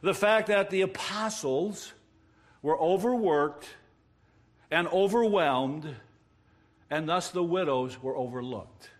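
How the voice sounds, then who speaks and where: A pastor preaching a sermon, explaining a passage earnestly with emphatic rises and wordplay. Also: male voice, on the high side. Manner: self-described wordsmith, plays with words.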